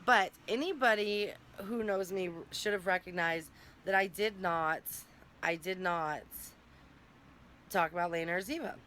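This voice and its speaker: A woman's voice: fairly low pitch, measured pace, a bit bright, slight background noise. A young woman talking candidly and emotionally in a personal vlog, rambling and close to tears at times. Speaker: vlogger.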